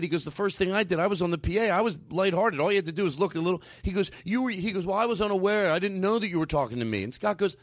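A man hosting a casual podcast chat, telling a story and acting out the dialogue with lively shifts in his voice. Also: high voice, racing, hardly any pauses, no echo, studio quality. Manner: animated, acts out quoted dialogue. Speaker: podcast host.

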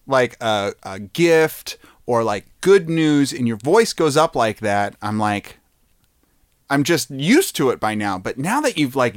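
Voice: mid-range voice, no room sound, studio quality. A podcast co-host in casual comedic chat, giggly and egging on the jokes. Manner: animated, giggly, eggs on the joke.

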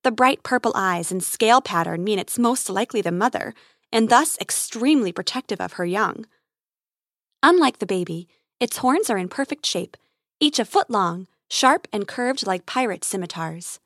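A woman narrating a children's space adventure story in a lively, expressive read-aloud manner. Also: mid-range voice, moderate pace, no room sound, clean studio sound.

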